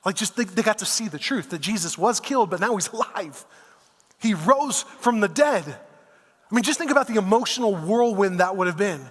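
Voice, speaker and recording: High-voiced male pastor in echoing hall. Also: animated, moderate pace. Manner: conversational storytelling, casual asides like "man" and "dude". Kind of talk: sermon. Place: church auditorium.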